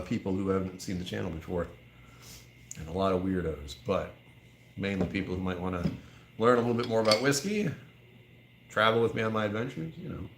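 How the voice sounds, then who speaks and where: A man's voice: fairly low pitch, a little hiss or hum. A man hosting a casual live vlog from a whiskey store aisle, thinking aloud and laughing often. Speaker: whiskey channel host.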